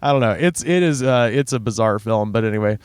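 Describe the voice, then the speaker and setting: A stand-up comic from Alabama chatting casually on a podcast, rambling with many restarts and frequent laughter. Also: male voice, mid-range voice, fast talker, clear, resonant tone, dry recording. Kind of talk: casual chat.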